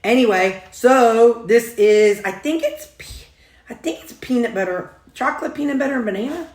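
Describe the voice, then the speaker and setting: This woman, a food and weight-loss vlogger, chats casually while she eats, rambling in a folksy way and chuckling often. Her voice is a little high and darkish in tone, at normal speed, recorded in an echoey room.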